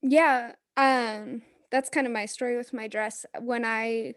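A woman's voice: on the high side, fairly even intonation, takes it slowly, fairly bright tone, no room sound, clean studio sound. A woman hosting a podcast, chatting casually and upbeat, using lots of "like.". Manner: upbeat, conversational, many "like"s. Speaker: podcast host. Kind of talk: casual interview chat.

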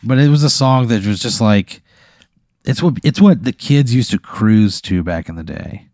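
A man casually spinning an improvised hypothetical story for his co-host, with deadpan asides. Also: mid-range voice, moderate pace, no room sound, clean studio sound.

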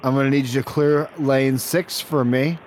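A man's voice: mid-range voice, steady tone, fairly quick, a little hiss or hum, natural voice. A man prank calling as a brash, bossy self-proclaimed bowling champion. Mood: demanding. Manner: bossy, demanding, rude. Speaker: prank caller.

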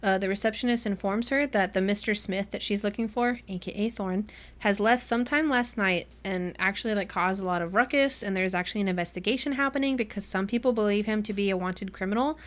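A young woman co-hosting a podcast, casually recapping a novel with friends, giggly and animated, acting out the characters' lines. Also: medium pitch, fairly quick. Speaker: podcast co-host. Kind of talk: casual book-club chat, recapping a novel.

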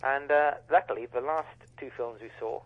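A man's voice: mid-range voice, moderate pace, no echo. A man talking as a radio guest, rambling and hesitant with a dry humour. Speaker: guest contributor. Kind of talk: casual radio chat. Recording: dull phone line.

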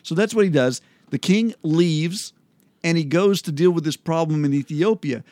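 A man with a fairly high voice talks through scripture in a relaxed, casual way, often pausing with ums and restarting his sentences. He is recorded close and dry, with no room sound. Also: dry recording. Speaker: Bible study host. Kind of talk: casual Bible study chat.

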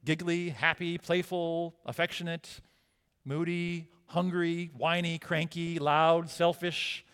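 A man's voice: a little high, fairly bright tone. A male pastor delivering a sermon, conversational and emphatic, asking rhetorical questions. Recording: long reverb of a church hall.

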